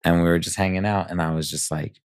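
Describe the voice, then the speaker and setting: A man in his thirties, a podcast guest, telling a rambling story and acting out quotes in a high voice. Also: fairly even intonation, quick pace, clear, resonant tone, no echo, clean studio sound. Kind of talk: casual podcast conversation.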